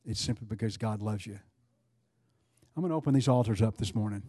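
A man's voice: fairly low pitch, brisk, slightly rough, dry recording. A male pastor preaching a sermon, asking rhetorical questions and leading altar prayer. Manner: rises to fervent, louder prayer.

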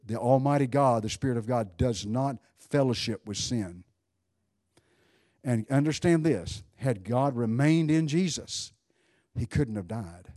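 A man preaching a sermon in an animated, conversational way, swinging between loud bursts and hushed asides while joking with his congregation. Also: medium pitch, no echo, studio quality. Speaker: pastor.

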